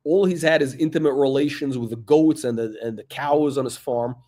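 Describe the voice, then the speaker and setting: A man's voice: medium pitch, a little fast, dark tone. A man hosting a watch channel, ranting in a mocking, rambling way with lots of fillers. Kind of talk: mocking commentary rant.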